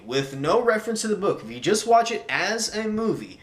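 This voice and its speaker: A young man giving a casual spoken movie review, animated and exasperated, saying "like" a lot. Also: medium pitch, a little fast, few pauses, roomy sound.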